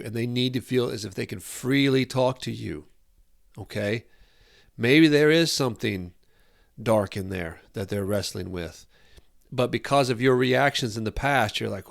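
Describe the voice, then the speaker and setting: A man's voice: mid-range voice, creaky. A man hosting a podcast, giving an earnest, rambling solo talk on parenting, often repeating phrases as he searches for words. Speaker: podcast host.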